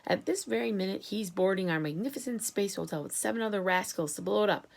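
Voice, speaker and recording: A woman reading a children's story aloud, voicing a loud, blustering male president. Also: mid-range voice, animated, quick pace, vocal fry. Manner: shouting, blustering.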